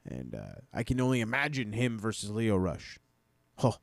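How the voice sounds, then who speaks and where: A man's voice: lowish voice, big pitch swings, normal speed, gravelly, no echo. A man co-hosting a casual wrestling podcast, laid-back and swearing, acting out wrestlers' lines for laughs. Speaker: podcast co-host.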